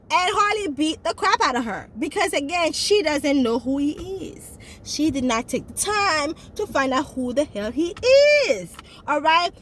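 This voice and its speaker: A woman in casual chat, reviewing a movie and talking straight to her viewers in an emphatic way. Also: sits high.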